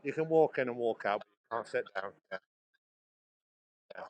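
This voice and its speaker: On his walking vlog, a man talks casually in a mid-range, darkish voice, animated and at a moderate pace, often rambling and starting sentences over. The rough recording comes from a handheld phone, first outdoors, then in a coffee shop.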